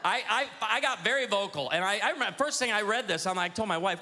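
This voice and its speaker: High, bright-voiced man doing stand-up. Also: a little hiss or hum. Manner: animated storytelling with quick asides to the crowd. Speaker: stand-up comedian at church comedy night. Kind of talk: stand-up comedy routine. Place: church hall on stage. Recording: hall reverb with faint audience ambience.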